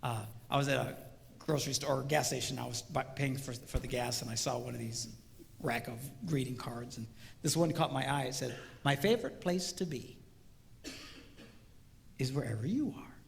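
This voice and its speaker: His mid-range voice is brisk and creaky as the middle-aged man jokes about marriage to a live audience. He animatedly imitates voices and trades banter with the crowd, all captured with hall reverb and faint ambience.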